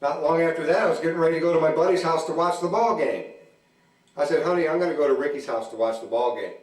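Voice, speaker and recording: Male comic in his forties, deadpan, acts out both sides of a quarrel, higher voice, picked up from a distance in an echoey church hall. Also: quick pace. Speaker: comedian. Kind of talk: stand-up comedy at a church event.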